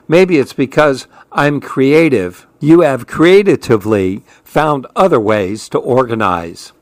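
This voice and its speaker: Man, children's storybook read-aloud, slow unhurried pace, dry close sound, gentle and playful. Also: mid-range voice, animated, dry recording. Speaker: children's book reader.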